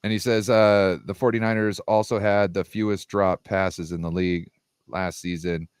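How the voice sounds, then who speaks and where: A man's voice: sits low, little pitch movement, moderate pace, clean tone, no echo, clean studio sound. A man co-hosting a casual football debate livestream, making emphatic points and restarting his sentences as he argues. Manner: emphatic, repeats and restarts while arguing. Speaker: co-host, 49ers fan.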